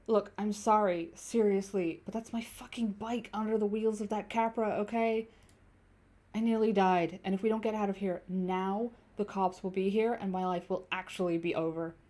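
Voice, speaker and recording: A woman voicing a frightened young passenger who urgently begs a driver for a ride, then coaxes her softly. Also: medium pitch, steady tone, normal speed, lightly acted.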